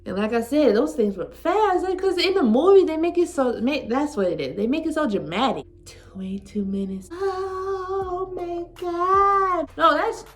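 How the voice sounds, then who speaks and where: A woman in her twenties vlogs from home, telling a personal story in a rambling, heartfelt way and saying "like" constantly. Her voice is high and very animated, slightly mellow, at a normal pace with few pauses.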